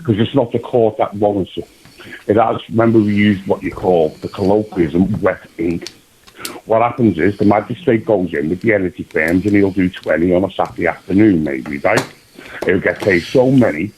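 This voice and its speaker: A man's voice: deep voice, moderate pace, a little mellow, slight background noise, rough recording. A man calling a radio phone-in, argumentative and insistent about his point. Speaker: caller.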